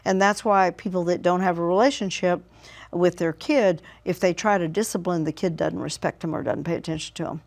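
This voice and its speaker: A woman's voice: lowish voice, brisk, creaky, a little mellow. A middle-aged woman, a relationship expert being interviewed, talking conversationally and acting out both sides of remembered dialogues. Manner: acts out both sides of dialogues when telling stories.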